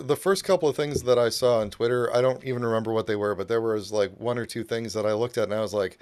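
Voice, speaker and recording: Man, mid-pitched voice, easygoing co-host, meandering chat. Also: fast talker, hardly any pauses, smooth. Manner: relaxed, rambling with fillers. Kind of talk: casual chat.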